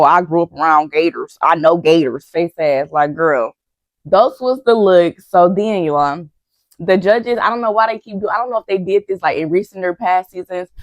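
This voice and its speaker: A woman's voice: mid-range voice, a little mellow, dry recording. A young woman giving a chatty, gossipy reality-TV recap, talking straight to her viewers and acting out what people said. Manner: chatty and gossipy, addresses viewers as y'all, acts out quotes. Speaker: recap vlogger.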